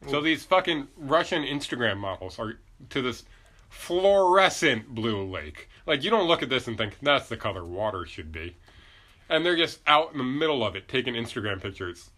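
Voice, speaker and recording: Bright-voiced podcast guy, crude jokes, swings his pitch all over. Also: big pitch swings, normal speed. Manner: crude, joking, sarcastic. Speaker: podcast co-host. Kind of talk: casual podcast banter.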